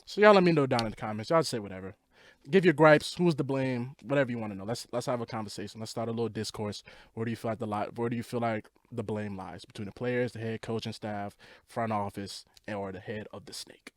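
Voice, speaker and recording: A man's voice: lowish voice, quick pace, dry recording. A young man hosting a sports vlog, giving casual commentary as an exasperated fan on a rant. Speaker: sports podcast host.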